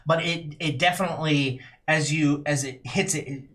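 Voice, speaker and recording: A woman narrating as game master of a tabletop game, often halting on fillers and restarts. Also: sits low, a bit bright.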